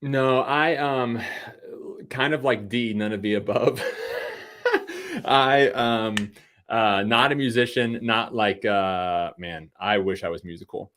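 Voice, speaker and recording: A man's voice: medium pitch, big pitch swings, slow pace, a bit bright. A man in his thirties from Virginia, a podcast guest chatting casually with self-deprecating jokes and lots of fillers. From Virginia, USA. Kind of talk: casual interview chat.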